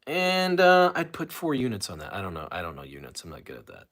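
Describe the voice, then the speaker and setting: A man hosts a casual live stream, rambling chattily about sports betting and the news and reading viewers' comments aloud. His fairly low voice swoops wildly in pitch, a bit bright and a little fast.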